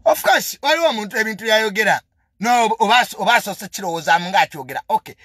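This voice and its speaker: Quick and expressive, this young Ugandan-accented man has a high-pitched, fairly bright voice. His confrontational rant switches between English and Luganda and keeps hammering points through repetition.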